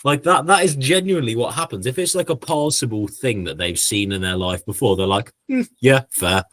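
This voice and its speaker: A man's voice: mid-range voice, a little fast, fairly bright tone, no echo. A young man on a podcast, talking bluntly with slang and swearing in casual chat. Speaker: podcast co-host.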